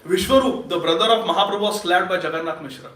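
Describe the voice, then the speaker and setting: A man giving a lively storytelling sermon at a temple feast, laughing often and quizzing his audience. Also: sits high, quick pace. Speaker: speaker at a temple Sunday feast. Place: temple hall. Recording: echoey hall, distant mic.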